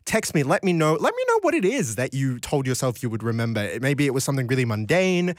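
A man's voice: medium pitch, wildly swooping pitch, fast, no echo. A man, hosting a late-night radio show in a playful, chatty way, talking to listeners from a studio microphone. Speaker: radio host.

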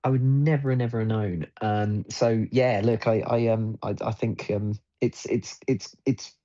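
A man joins a radio show as a travel guest, rambling enthusiastically with lots of fillers and restarts. His voice sits a little low. The line sounds dull and lo-fi. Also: fairly even intonation, a little slow, warm tone. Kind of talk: radio interview chat.

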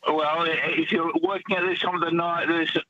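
A laid-back man phoning in to a radio show who speaks with hesitant pauses. His voice is bright and a bit high. The call sounds tinny, as if over the phone. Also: level tone. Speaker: caller. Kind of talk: casual phone-in chat.

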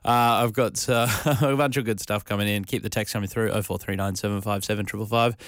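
A man's voice: fairly low pitch, steady tone, brisk, fairly bright tone, no echo. An Australian man hosting a radio show in a studio, chatting casually and rambling with lots of fillers and restarts. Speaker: radio host. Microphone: studio microphone.

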